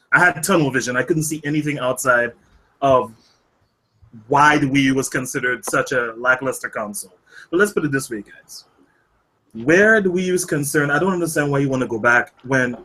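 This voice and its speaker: A man with a fairly high, husky voice hosts a casual gaming podcast. He talks emphatically, drops profanity freely and keeps repeating words to drive a point home. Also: sharp tone, poor audio. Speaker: podcast host.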